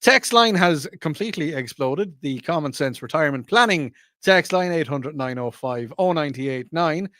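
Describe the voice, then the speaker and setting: Chatty Irish radio host, slightly high voice. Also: male voice, expressive, moderate pace, hardly any pauses, a bit bright, no room sound, studio quality. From Ireland. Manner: chatty, self-correcting, laughs often. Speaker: radio talk show host. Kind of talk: casual radio chat reading listener texts.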